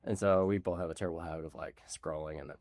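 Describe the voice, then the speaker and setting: A young man hosts a podcast in quick, easygoing chat, his voice a bit low and full of fillers. The sound is dry and close to the mic. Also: steady tone, creaky, a little mellow, no echo. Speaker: podcast host. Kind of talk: casual chat.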